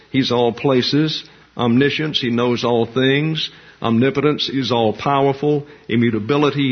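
Guy preaching doctrine, kinda husky, slow and emphatic, dull lo-fi sound. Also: mid-range voice. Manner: measured, emphatic, lists terms one by one. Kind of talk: doctrinal sermon.

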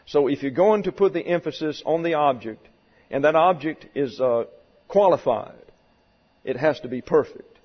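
A pastor preaching a doctrinal sermon in a church, deliberate and stressing key words as he works through numbered points. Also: a little high, expressive, husky. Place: church sanctuary. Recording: dull sound with long hall reverb.

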